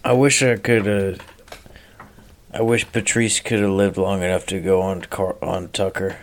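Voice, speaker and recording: A man's voice: sits low, little pitch movement, measured pace, a little hiss or hum. A man in casual podcast chat, laid-back with dry remarks.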